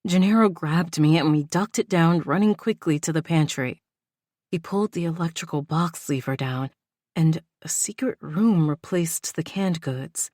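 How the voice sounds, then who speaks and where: Woman with a low voice reading a romance audiobook, steady, dry close sound. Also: moderate pace, no room sound. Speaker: audiobook narrator. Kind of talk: first-person romance audiobook narration.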